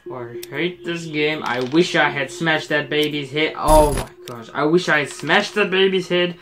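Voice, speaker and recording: A gaming channel host giving let's-play commentary at a desk mic, getting frustrated, ranting and yelling at the game. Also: mid-range voice.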